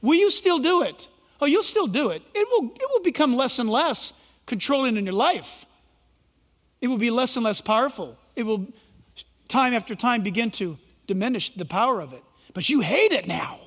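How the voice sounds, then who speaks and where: Man, pastor, very high voice, lively pitch, emphatic sermon, long hall reverb. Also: moderate pace. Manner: emphatic, preacherly, quotes imagined voices.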